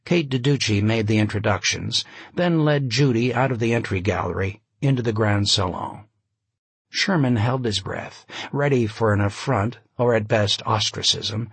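A man reading a novel aloud, a measured and expressive narration with a wry touch. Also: lowish voice, breathy edge, no echo. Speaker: audiobook narrator. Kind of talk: scripted narration.

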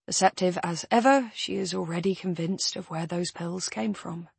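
Breathy female audiobook narrator, quiet and strained, dry close sound. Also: on the low side, normal speed, no echo.

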